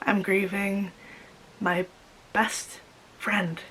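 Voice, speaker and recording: A young woman vlogging about her grief, speaking while crying, halting and repeating herself. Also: mid-range voice, little pitch movement, a bit bright, slight background noise, low-quality recording. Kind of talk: personal confessional vlog.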